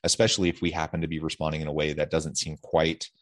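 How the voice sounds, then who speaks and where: A man hosting an interview podcast, posing a long reflective question with measured fillers. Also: a bass voice, level tone, fairly bright tone. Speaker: podcast host.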